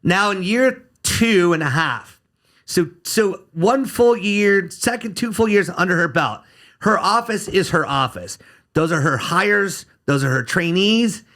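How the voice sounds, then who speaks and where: Male guest lawyer, blunt and sarcastic, with a bright, cutting delivery. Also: high-pitched, animated, a little slow. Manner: blunt, sarcastic, curses freely. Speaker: criminal defense attorney, podcast guest. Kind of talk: casual podcast interview.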